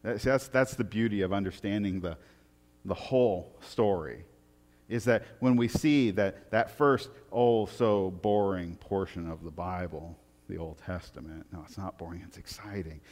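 A man preaching a storytelling sermon, retelling the story with animated energy and frequent stammered restarts. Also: low-pitched, normal speed. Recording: long hall reverb.

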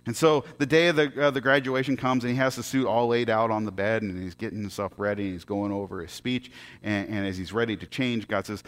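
A man preaching as a pastor, telling a story in a conversational, halting way with many restarts. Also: on the low side, a bit bright. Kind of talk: storytelling sermon.

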